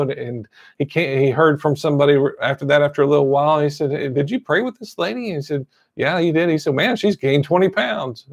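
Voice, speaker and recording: A pastor preaching a sermon, retelling a story and saying amen again and again. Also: male voice, fairly high pitch, vocal fry, no room sound. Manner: repeats amen often, storytelling.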